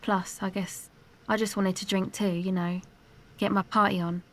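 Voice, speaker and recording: A woman voices a streetwise young woman in a video game, guarded and defiant. Her answers come out blunt and evasive, at an ordinary middle pitch. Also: little pitch movement, moderate pace, lightly acted. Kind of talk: game dialogue.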